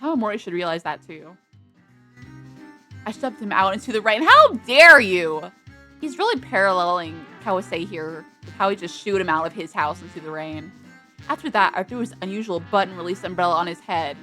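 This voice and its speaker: A woman playing through a visual novel, reading its text aloud and loudly scolding the characters in exasperation. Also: fairly low pitch, brisk, faint music behind. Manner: animated, yelling in exasperation at characters. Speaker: game streamer.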